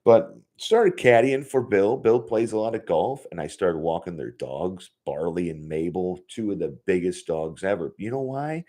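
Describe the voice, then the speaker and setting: A man's voice: sits low, lively intonation, normal speed, few pauses, mellow. A man in his forties hosting a casual solo podcast from his home office, rambling and swearing freely, laughing often. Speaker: podcast host.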